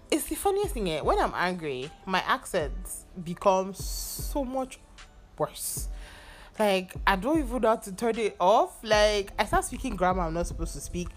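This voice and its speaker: A young woman with a Nigerian accent vents on her solo podcast, exasperated and swearing freely. Her fairly low voice swings widely up and down as she tells it. Soft music plays faintly underneath. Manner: exasperated, animated storytelling with swearing. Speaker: podcast host. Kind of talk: casual solo venting monologue.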